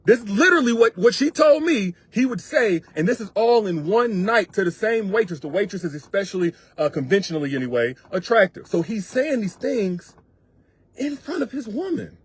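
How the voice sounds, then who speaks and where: A man's voice: high voice, big pitch swings, normal speed, husky, no echo. A man working as a relationship coach, giving emphatic, repetitive, colloquial advice straight to his viewers. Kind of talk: direct advice monologue to viewers.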